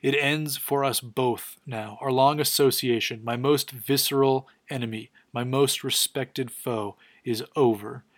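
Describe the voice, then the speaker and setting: A man reading the lines of a grim, vengeful male supervillain in a slow, solemn way. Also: mid-range voice, steady tone, no echo, lightly acted.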